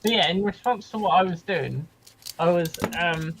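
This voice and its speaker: A man explaining a hobby technique on a casual live stream, with a few ums and pauses. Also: sits high, fairly bright tone. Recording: noisy mic.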